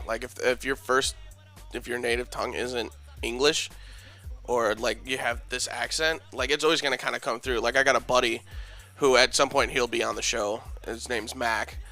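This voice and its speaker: A man's voice: medium pitch, fairly even intonation, fairly quick, pushed and bright, faint music behind. Loose, foul-mouthed young man rambling. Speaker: podcast host. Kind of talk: casual podcast banter.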